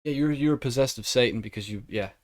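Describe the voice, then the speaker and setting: A man's voice: medium pitch, fast talker. A young man hosting a casual podcast, rambling and joking, swearing freely. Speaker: podcast host.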